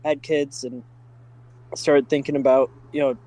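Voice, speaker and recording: A middle-aged man telling stories in a casual podcast chat, full of fillers and excitement. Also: medium pitch, measured pace, low-quality recording. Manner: enthusiastic, many fillers like "like" and "uh". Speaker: podcast guest, driving school staff. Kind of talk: casual storytelling.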